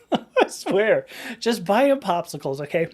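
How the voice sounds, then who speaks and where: A woman's voice: medium pitch, big pitch swings, takes it slowly, a little mellow. A woman hosting a live stream, chatting casually in a rambling way and laughing often.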